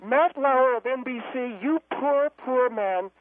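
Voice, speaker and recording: A man voicing a haughty, combative older woman caller who mocks everyone in a cracking falsetto, heard over a phone line. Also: takes it slowly, dry recording. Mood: snippy. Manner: snippy, mocking, combative. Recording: dry tinny phone line.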